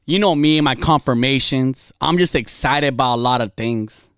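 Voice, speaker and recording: A woman's voice: rumbling low, moderate pace, smooth, no room sound. A woman giving a casual motivational talk, emphatic and repetitive, dropping slang as she drives her points home.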